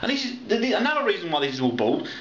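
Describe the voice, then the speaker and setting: A man's voice: high voice, big pitch swings, racing, fairly bright tone, slight background noise. A man delivering a heated, swear-laden political rant, often repeating himself. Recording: echoey lo-fi room recording.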